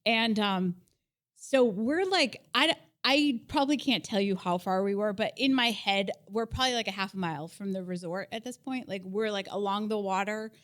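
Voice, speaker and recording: Speaking at a moderate pace in a mid-range voice, this thirtysomething podcast co-host spins a story in a relaxed, lively way, with frequent laughter throughout.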